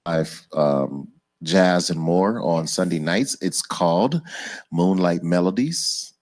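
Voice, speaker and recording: Deep-voiced animated man host. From Los Angeles. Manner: animated, emphatic, hypes the guest. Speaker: podcast co-host and radio DJ. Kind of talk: casual interview chat. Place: home studio on a video stream.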